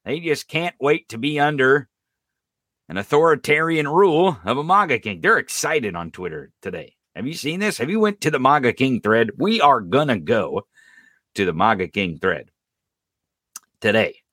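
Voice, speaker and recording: Animated, bright-voiced podcast ranter. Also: male voice, mid-range voice, moderate pace, dry recording, studio quality. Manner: animated, profane ranting with laughs and sarcasm. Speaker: podcast host. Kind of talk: live-streamed political commentary.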